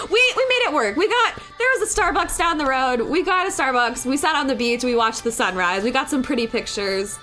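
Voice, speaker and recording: A young woman with a bright, high voice chats casually as she works on digital art. She rambles, curses freely and breaks into laughter. Soft music plays quietly underneath. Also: expressive, brisk, few pauses. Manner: chatty, rambling, swears freely, laughs often. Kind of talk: casual storytelling while drawing. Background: soft background music.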